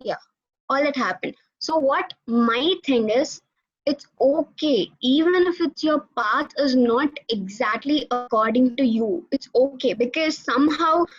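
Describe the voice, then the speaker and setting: A young woman, giving an animated alumni talk to students over a video call. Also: high-pitched, a little slow, slightly rough. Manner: animated storytelling, addresses audience directly. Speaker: alumni guest speaker. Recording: dull lo-fi video call audio.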